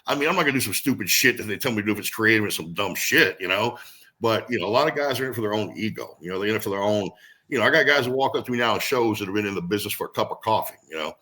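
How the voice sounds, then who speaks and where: A middle-aged man, a veteran pro wrestler, telling stories in a casual interview, animated and profane, acting out the people he quotes. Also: lowish voice, racing.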